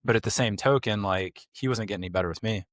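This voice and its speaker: A man's voice: fairly low pitch, fast, dry recording, studio quality. Blunt, emphatic male podcast host. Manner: blunt, emphatic, rhetorical questions. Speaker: podcast host, clinic owner. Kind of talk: casual clinical discussion.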